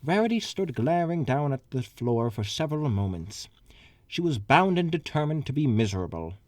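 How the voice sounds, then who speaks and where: Man reading fanfiction aloud, lively. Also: medium pitch, normal speed, dry recording. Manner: reads with asides and stumbles. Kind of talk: comedic dramatic reading.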